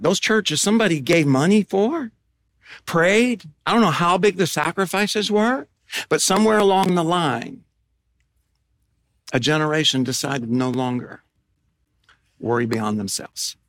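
A middle-aged man preaching a sermon as pastor, animated, swinging between loud emphatic bursts and hushed asides. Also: fairly high pitch.

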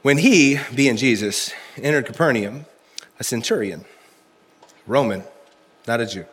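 A man preaches to his church in a medium-pitched, slightly rough, somewhat bright voice at a measured pace. His folksy stories carry humor, and he speaks conversationally, addressing the congregation directly during the service.

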